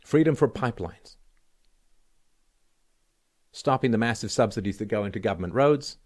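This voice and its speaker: A man's voice: fairly low pitch, expressive, moderate pace. Sarcastic man ranting on his show. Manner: sarcastic, emphatic, swings from loud to quiet. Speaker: show host. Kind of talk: solo political commentary rant.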